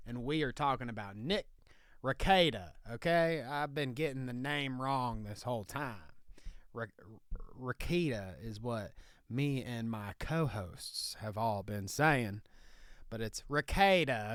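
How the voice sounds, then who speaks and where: A man's voice: medium pitch, a bit bright, clear, resonant tone, no echo, clean studio sound, natural voice. A man playing a boastful, folksy redneck lawyer in a comic monologue, with a put-on Southern drawl that slips in and out. He keeps tagging his sentences with "okay?".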